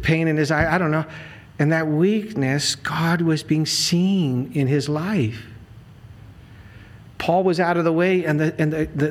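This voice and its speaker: A man's voice: fairly high pitch, fairly bright tone. Earnest, conversational male preacher. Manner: conversational, earnest, with many restarts. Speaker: pastor. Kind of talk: sermon.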